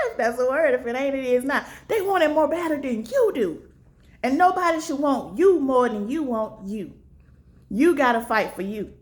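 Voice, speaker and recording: Earnest high-voiced woman giving a pep talk. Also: expressive, normal speed. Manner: preachy and earnest, acts out little dialogues with big pitch jumps. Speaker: motivational vlogger. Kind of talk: casual spoken encouragement.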